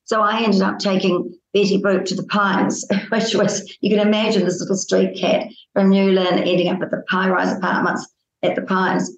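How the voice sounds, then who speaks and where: A woman from New with a slightly croaky voice, telling stories chattily as a radio interview guest. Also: mid-range voice, level tone, moderate pace, dull audio. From New Zealand. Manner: chatty storytelling. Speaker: guest, cat charity founder. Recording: roomy echo.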